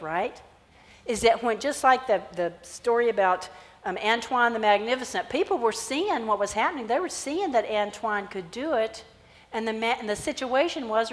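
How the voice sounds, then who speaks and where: A woman pastor giving a sermon, animated as she tells a Bible story and acts out its characters. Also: fairly high pitch. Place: church sanctuary. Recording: church hall reverb.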